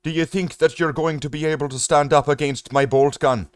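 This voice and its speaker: A man's voice: a little high, steady tone, fairly quick, clean tone, dry recording, voice pushed up, lightly acted. A man voicing a swaggering little Irish-Scottish space marine figure who taunts with a boast. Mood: taunting.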